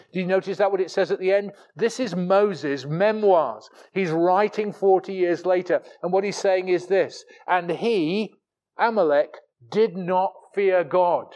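Male preacher, higher-toned, emphatic sermon delivery with repeated words. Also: steady tone, fairly quick, hardly any pauses, dull audio. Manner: emphatic preaching, rising to forceful peaks and dropping low for asides; repeats words and restarts phrases.

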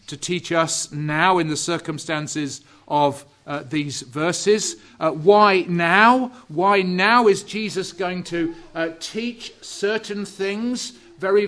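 A man preaching a sermon, slow and deliberate, drawing out key words and dropping to a hush for emphasis. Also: high voice. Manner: drops to hushed, quiet emphasis on key words.

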